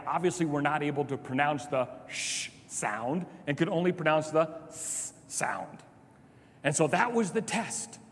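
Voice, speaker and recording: Animated preacher in a reverberant hall. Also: male voice, a little hiss or hum. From Chicago. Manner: animated storytelling, drops to soft low asides. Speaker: pastor. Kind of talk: sermon.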